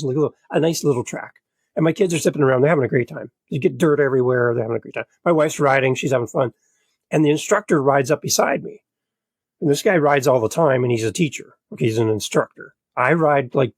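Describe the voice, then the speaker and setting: A middle-aged man, a podcast guest, telling a personal story in an animated, earnest, motivational way. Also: medium pitch, no room sound. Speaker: podcast guest and show host. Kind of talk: conversational storytelling.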